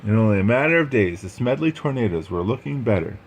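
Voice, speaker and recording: A man's voice: lowish voice, expressive, quick pace. A man reading a picture book aloud, adding chatty asides about the pictures. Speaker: read-aloud storyteller.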